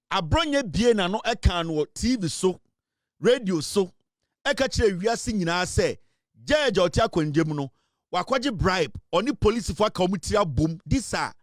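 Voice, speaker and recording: A man's voice: high voice, no echo, clean studio sound. A Ghanaian man giving impassioned political commentary, emphatic and full of fillers as he switches between English and Twi.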